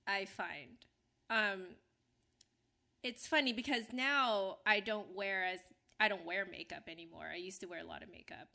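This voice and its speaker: Brief: young woman podcast co-host from Canada, bright clear tone, chatty and rambling. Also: medium pitch, normal speed. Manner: chatty, many fillers and restarts. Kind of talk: casual podcast chat.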